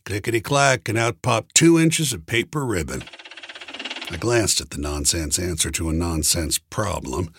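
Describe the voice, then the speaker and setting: Low, husky-voiced man narrating a story. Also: expressive, normal speed, fairly bright tone, no echo, clean studio sound. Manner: wry, conversational storytelling. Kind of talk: first-person audiobook narration.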